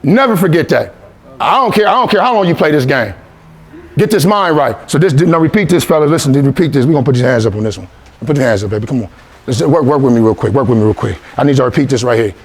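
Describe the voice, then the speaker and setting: A man's voice: mid-range voice, lively intonation, quick pace. A man giving a motivational speech to a youth team, repeating phrases and leading call-and-response. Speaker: motivational speaker.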